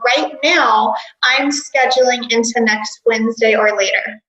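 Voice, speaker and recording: A woman coach teaching a workshop, energetic and instructive, often giggling. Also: fairly high pitch, normal speed, few pauses, reverberant, muffled recording. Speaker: dental practice coach.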